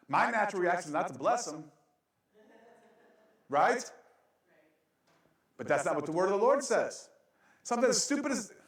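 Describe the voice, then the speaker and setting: In a very echoey church sanctuary, a male pastor with a high-sitting voice preaches far from the mic. His sermon is joking and self-mocking, with frequent laughs.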